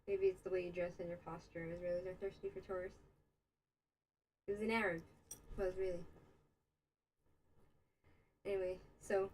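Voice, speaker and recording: A young American woman from the United States hosts a casual livestream from Israel, rambling through a story and answering chat comments with lots of fillers and asides. Her voice is lowish and darkish, with a level tone, normal speed, and long pauses. The rough recording carries a little hiss or hum.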